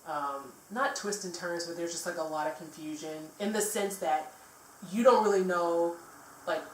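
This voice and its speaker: A woman's voice: lowish voice, moderate pace, slight background noise. A woman vlogger chatting casually about a film, rambling with many fillers and restarts. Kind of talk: casual chat. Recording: echoey room, mic at a distance.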